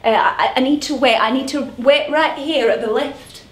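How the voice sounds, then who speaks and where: A woman's voice: sits high, natural voice. A woman playing a lonely grown woman, a drunk, who keeps repeating herself in a stage monologue. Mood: desperate. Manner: halting, repeats her words. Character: lonely grown woman, a drunk, waiting for her late dad. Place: theatre stage. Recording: roomy theatre heard from a distance.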